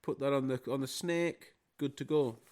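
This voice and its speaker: A man's voice: medium pitch, fairly even intonation, normal speed, a little mellow. A man, co-hosting a podcast with teasing, sweary banter. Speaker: podcast co-host. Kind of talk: casual chat.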